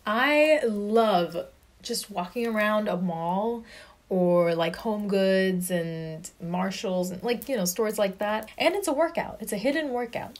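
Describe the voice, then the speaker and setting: A young woman chatting casually to the camera, lots of "like" fillers and little laughs. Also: mid-range voice. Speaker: vlogger.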